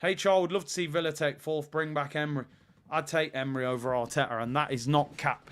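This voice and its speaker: Ranting man, high voice. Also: lively intonation, fairly quick, fairly bright tone. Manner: exasperated, ranting, sarcastic. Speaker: watch-along host. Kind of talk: live football watch-along rant.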